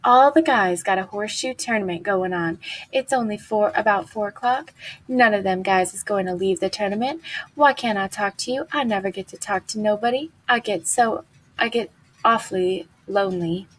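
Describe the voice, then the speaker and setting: A lonely young ranch wife, read by a woman, coaxing and chatty as she tries to draw someone into conversation. Her voice is husky and a little breathy. She sounds restless and eager to be heard. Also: medium pitch, moderate pace, lightly acted, low-quality recording.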